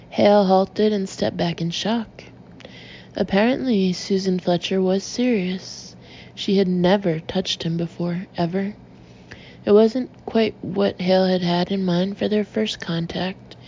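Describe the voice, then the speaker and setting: A woman reads an audiobook slowly and deliberately, her voice gravelly and held to a narrow, flat range. The recording is a little dull and lo-fi, with a faint hiss sitting underneath. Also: medium pitch. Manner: slow, measured, even reading. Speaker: audiobook narrator. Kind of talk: audiobook narration.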